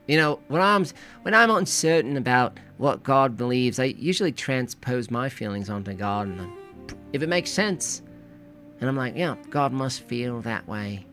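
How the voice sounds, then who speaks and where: A man's voice: normal speed, faint music behind. A man reacting to a podcast clip with sarcastic, mocking commentary. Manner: sarcastic, mocking, jumps between deadpan and high bursts. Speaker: video reactor.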